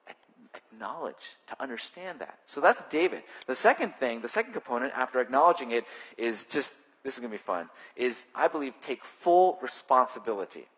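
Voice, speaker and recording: Animated man preaching in a reverberant hall. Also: medium pitch, fairly quick, slightly rough. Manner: conversational, animated, self-deprecating humor. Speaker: pastor. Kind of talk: sermon. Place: church sanctuary. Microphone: stage microphone.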